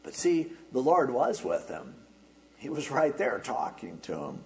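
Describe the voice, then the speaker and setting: A man's voice: mid-range voice, very animated, a little slow, rough recording. A man pastor preaching an expository sermon, explaining in a conversational way with wry asides.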